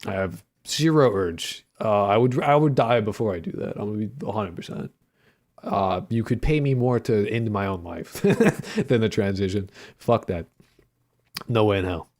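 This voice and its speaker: A young man with a slightly low voice, riffing with his stream chat as he codes. He rambles through filler words, jokes around and swears casually in a loose, playful way. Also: animated, normal speed, a little mellow. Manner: playful, jokey banter with chat. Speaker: streamer and indie game developer. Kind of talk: casual livestream chat while coding.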